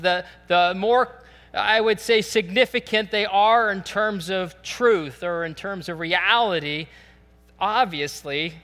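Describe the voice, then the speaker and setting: A man preaching a sermon in a relaxed, conversational storytelling way, with many fillers. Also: high-pitched, in a large hall. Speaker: pastor.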